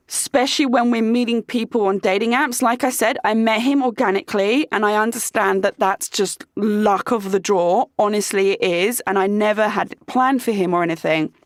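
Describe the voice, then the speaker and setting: A woman's voice: medium pitch, no room sound, studio quality. A young adult woman hosting a casual solo podcast, talking frankly and chattily, swearing freely and saying "like" often. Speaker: podcast host.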